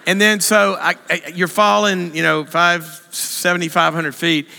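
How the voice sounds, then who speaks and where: A man telling a funny story to a church audience, animated and self-mocking, acting out the other people's voices. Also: unhurried, vocal fry, heavy background noise. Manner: animated, self-mocking, acts out voices with big pitch jumps. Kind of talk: humorous storytelling talk. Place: church hall. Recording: long hall reverb.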